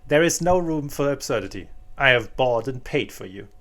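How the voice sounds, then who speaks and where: Strict wealthy mother, read by a man: clipped, sharp, commanding, no warmth. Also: medium pitch, expressive, normal speed. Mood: stern.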